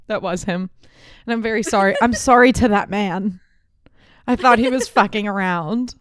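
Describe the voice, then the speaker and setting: Lively young woman, smooth dry voice. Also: mid-range voice, moderate pace, no room sound. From Texas. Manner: expressive, swearing, laughing. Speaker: podcast co-host. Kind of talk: casual storytelling chat.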